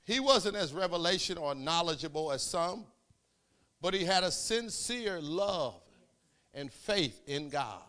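Animated preacher telling a story. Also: male voice, on the high side, a little slow. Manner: animated storytelling, swings from quiet to shouting. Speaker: pastor. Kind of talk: sermon storytelling.

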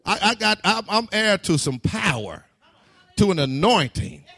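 A fervent male preacher in mid-sermon, his voice sitting high and ringing bright. His pitch leaps and dips all over the place, and he climbs into shouts with stammered repeats and chuckling asides. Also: sing-song, measured pace, creaky, husky.

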